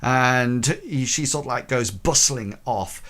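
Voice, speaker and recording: A man narrating a tabletop horror game as game master, halting and full of ums. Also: medium pitch, pushed and bright.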